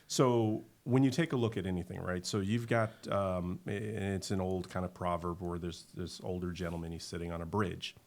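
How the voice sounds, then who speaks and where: A middle-aged man with a very low voice and a gravelly, creaky texture. He is an emphatic, animated storyteller who guests on a casual podcast. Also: normal speed, hardly any pauses. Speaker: guest, winery owner.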